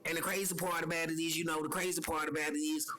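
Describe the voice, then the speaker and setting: Man, slightly higher voice, personal monologue, rambling, repetitive, faint hiss behind. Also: little pitch movement, fast talker, pushed and bright, poor audio. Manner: rambling and repetitive, circling back to the same phrases; earnest, heavy use of "you know". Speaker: personal vlogger.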